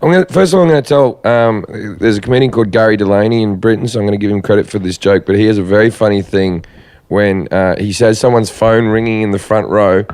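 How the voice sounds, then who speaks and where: A man's voice: on the low side, quick pace, darkish tone, clear, resonant tone. A man from Australia, a comedian guest, telling stand-up stories in casual chat and laughing as he goes. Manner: chatty, laughs through stories.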